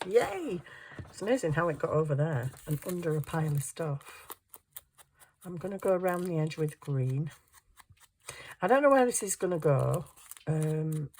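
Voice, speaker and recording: A woman's voice: sits low, a little mellow, slight background noise. A woman chatting casually while crafting at home, tired, ditzy and giggly, muttering to herself as she hunts round her desk. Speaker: craft vlogger.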